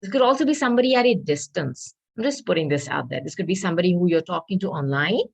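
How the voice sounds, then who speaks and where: Lively-voiced woman giving a tarot reading. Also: fairly low pitch, fast, creaky, slightly rough, low-quality recording. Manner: intuitive, repeats herself, hedging asides. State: losing her voice. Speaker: tarot reader.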